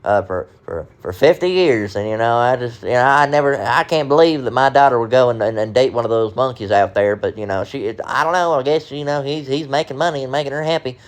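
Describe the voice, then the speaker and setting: A man's voice: medium pitch, a little fast, hardly any pauses, lightly acted. A man doing a grumbling older rural father. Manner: rambling, grumbling.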